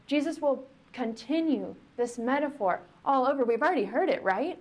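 Woman pastor, slightly high-pitched, relaxed conversational sermon with questions to the room. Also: normal speed. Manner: conversational, asks the congregation questions.

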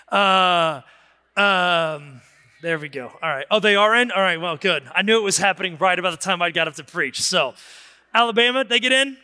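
A pastor preaches to his congregation in a high, bright voice that rings with tension, his words trailing into the long reverb of a church hall. He talks loosely and wanders off on asides, then climbs into sudden forceful emphasis. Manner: conversational and digressive, with sudden emphatic rises. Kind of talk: sermon. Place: church sanctuary.

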